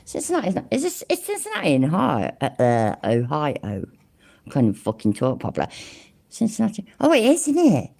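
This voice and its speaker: A woman's voice: low voice, wildly swooping pitch, brisk, vocal fry, warm tone. A woman hosting a reaction commentary, blunt, sweary and mocking. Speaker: commentary channel host.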